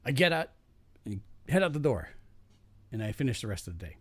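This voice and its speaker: A man's voice: mid-range voice, a little fast, breathy edge, no echo. A man hosting a podcast, telling a work story casually, swearing and acting out the people he quotes. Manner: animated, swearing, acts out quoted voices. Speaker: podcast host.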